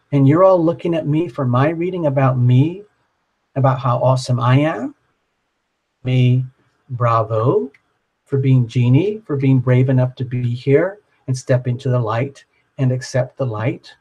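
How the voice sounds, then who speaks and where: A man's voice: medium pitch, unhurried, a little mellow, highs cut off, close to an everyday voice. A man voicing an imagined young woman newcomer who is incredulous that the group is there for her. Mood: amazed. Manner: incredulous, questioning. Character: wide-eyed young woman, newcomer amazed at welcome.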